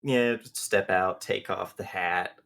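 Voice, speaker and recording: A man playing a tabletop game, talking briefly and in a laid-back way about his character. His voice sits very low and steady. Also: takes it slowly, vocal fry. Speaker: player.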